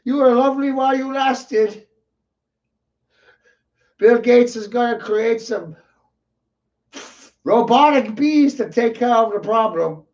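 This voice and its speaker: A man's voice: very high-pitched, slow pace, pauses often. Swearing ranting man, lo-fi sound. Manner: crude, swearing, mocking rants with sudden loud outbursts. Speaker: show host. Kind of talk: profane ranting talk show.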